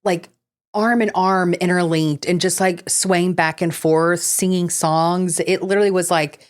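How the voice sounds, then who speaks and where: A woman's voice: lowish voice, steady tone, a little slow. A woman co-hosting a casual podcast, chatting with lots of fillers and slipping into reading ghost-story notes. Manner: chatty, filler-heavy, laughs easily. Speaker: podcast co-host. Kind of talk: casual chat.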